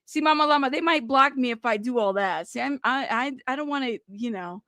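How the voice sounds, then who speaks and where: A woman's voice: high-pitched, fairly quick, fairly bright tone, no echo, studio quality. A woman hosting a live stream, chatting casually, reading viewer comments aloud, laughing, and swearing as she reacts.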